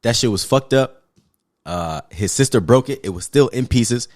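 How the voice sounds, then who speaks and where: A man's voice: mid-range voice, normal speed. Man, podcast co-host, casual movie talk, profane, emphatic rants. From Pacific Islands. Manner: animated, profane, emphatic love-hate rants. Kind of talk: casual movie review chat.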